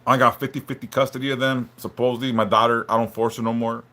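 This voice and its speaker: Halting, emotional man on a bright live stream. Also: medium pitch, flat delivery. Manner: halting, repeats words, heavy swearing; apologetic and openly vulnerable. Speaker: livestream host reading chat.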